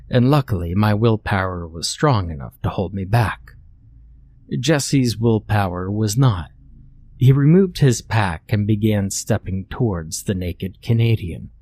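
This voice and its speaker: A man narrating a scripted horror-comedy story in a deadpan, matter-of-fact way. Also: lowish voice, measured pace, dry recording.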